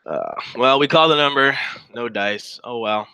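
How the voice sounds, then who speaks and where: A man's voice: mid-range voice, unhurried, pushed and bright, clean tone, dry recording, poor audio. A man giving casual, sarcastic commentary while reading through a chat log aloud, with wry asides.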